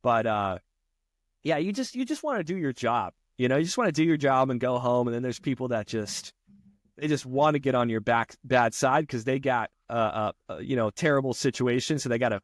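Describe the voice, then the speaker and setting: A man's voice: mid-range voice, animated, brisk, no echo, studio quality. A man being interviewed, talking in a laid-back, loose way with lots of "you know" and "man". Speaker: guest, Navy veteran. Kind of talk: casual conversation.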